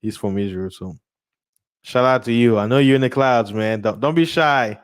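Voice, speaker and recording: A man's voice: medium pitch, moderate pace. A young man hosting a livestream, reading news articles aloud and breaking them down in a loose, rambling way, with frequent laughs and repeated words. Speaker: channel host reading news. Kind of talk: casual livestream commentary.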